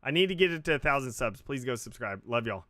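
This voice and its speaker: A man's voice: medium pitch, lively intonation, fast talker, a bit bright, no echo, clean studio sound. A man hosting a casual gaming livestream, rambling with lots of fillers and chatting to his viewers. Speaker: gaming streamer and host. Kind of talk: casual livestream commentary while playing. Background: faint game music.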